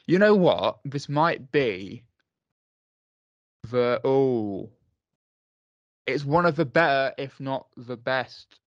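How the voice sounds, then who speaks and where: A man's voice: medium pitch, animated, slow, pauses often, no room sound, lo-fi sound. A man co-hosting a casual film podcast, offhand and agreeable, often giving brief replies. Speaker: podcast co-host.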